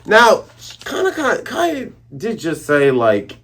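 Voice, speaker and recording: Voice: mid-range voice, sing-song, a little slow, breathy edge. A manga reviewer casually recapping a chapter in a playful way, with sound effects and jokes. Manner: self-interrupting and joking.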